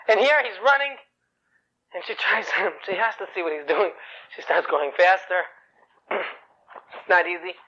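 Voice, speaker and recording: A man's voice: sits high, pushed and bright. A man telling an inspirational story in a chatty way, often asking rhetorical questions. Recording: dull lo-fi recording.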